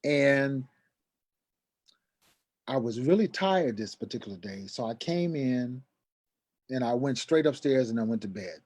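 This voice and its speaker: Animated male storyteller. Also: mid-range voice, a little slow, long pauses. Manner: acts out quoted dialogue, voice rising sharply when agitated. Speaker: guest telling a personal story.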